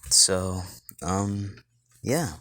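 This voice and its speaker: Low, slow-talking male storyteller. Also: a bit bright, slight background noise. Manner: rambling, full of fillers and restarts. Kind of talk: improvised fan-fiction narration.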